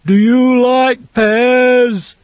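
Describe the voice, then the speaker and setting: A man doing a slow, childish hulking thug. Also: very high voice, steady tone, no echo, voice pushed up, exaggerated voice. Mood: menacing teasing. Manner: slow, sing-song and childish. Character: huge slow simple-minded male thug. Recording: dull, lo-fi audiobook recording.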